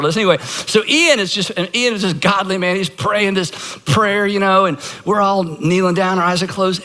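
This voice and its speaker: A man's voice: sits high, bright, forceful tone. A man from Georgia, a pastor giving a conversational sermon, earnest with self-deprecating asides. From Georgia, United States.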